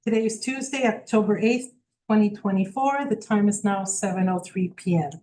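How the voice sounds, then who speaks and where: A woman chairing a school board meeting, reading out the date, the members present and the agenda in a steady official tone. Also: mid-range voice, normal speed, low-quality recording. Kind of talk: formal meeting procedure.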